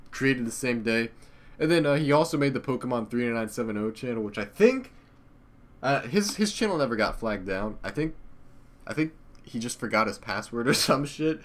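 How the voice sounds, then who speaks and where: A man's voice: mid-range voice, fairly bright tone. A young man, a YouTuber, rambling casually and profanely about old channels, laughing often. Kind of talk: casual nostalgic commentary.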